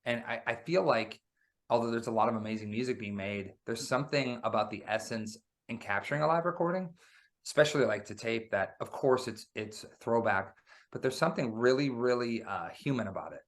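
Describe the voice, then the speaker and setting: A man talking about making a record in a relaxed, animated interview. He tells stories with plenty of energy and keeps dropping "man" into his sentences. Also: mid-range voice, a little fast. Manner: animated storyteller, says "man" often. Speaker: guest musician. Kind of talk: casual interview chat.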